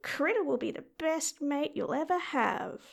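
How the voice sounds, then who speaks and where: A woman's voice: high-pitched, lively intonation, measured pace, creaky, heavily acted. A woman voicing a playful female house cat in a young woman's body, in an audio role-play addressed to the listener. The cat speaks of herself in the third person and meows often.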